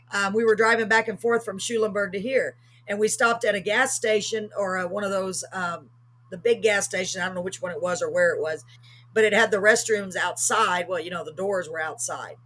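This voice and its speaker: A woman's voice: mid-range voice, sharp tone. A middle-aged woman, telling a story on a live talk show with emphatic, acted-out quotes. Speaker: host.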